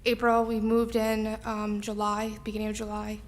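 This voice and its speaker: A young woman giving a public comment at a village meeting, emotional and halting, close to tears, with many ums. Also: medium pitch, completely flat delivery. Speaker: resident speaking at public comment.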